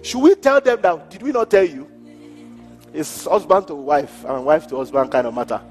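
Animated high-voiced man preaching. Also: normal speed. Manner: animated preaching, acting out quoted people, laughing between points. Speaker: pastor. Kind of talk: sermon. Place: church hall. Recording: church hall with long reverb and faint music.

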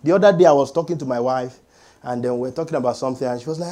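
A middle-aged man preaching a sermon as pastor, animated and calling for amens from the congregation. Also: on the high side, quick pace. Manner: animated preaching with call-and-response.

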